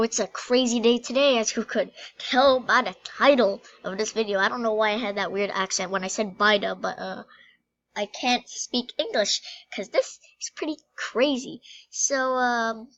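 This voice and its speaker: Giggly, excited young woman vlogger. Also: fairly high pitch, highs cut off. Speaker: gaming vlogger. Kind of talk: excited casual vlog chat.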